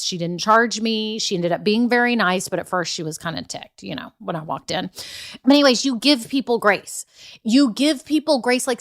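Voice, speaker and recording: Chatty earnest woman podcast host. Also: on the high side. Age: middle-aged. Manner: chatty, earnest, animated storytelling with repeated emphatic phrases. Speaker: podcast host, business coach. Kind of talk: casual motivational podcast talk.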